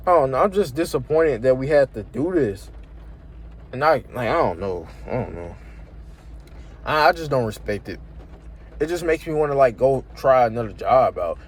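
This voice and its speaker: A young man venting in a rambling, slang-heavy, swear-filled vlog rant about his job. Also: medium pitch. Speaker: vlogger. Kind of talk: ranting vlog.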